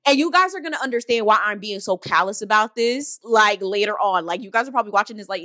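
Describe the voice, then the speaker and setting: A woman's voice: mid-range voice, expressive, fast talker, hardly any pauses, pushed and bright, no room sound, studio quality. A young woman vlogger telling a storytime, blunt and profane, acting out the people she quotes. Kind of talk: storytime vlog.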